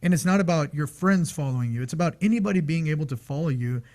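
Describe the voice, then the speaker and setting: Male podcast co-host, slightly higher pitch, chatty and animated, casual delivery. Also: quick pace. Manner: animated, storytelling with many fillers. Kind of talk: casual chat.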